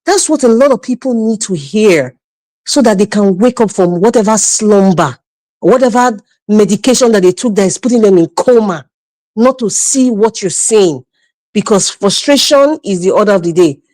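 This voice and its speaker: A woman's voice: medium pitch, lively intonation, moderate pace, mellow, no room sound, low-quality recording. A Nigerian woman giving passionate, emphatic political commentary on a live stream, laughing often and slipping into pidgin. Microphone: remote live stream mic.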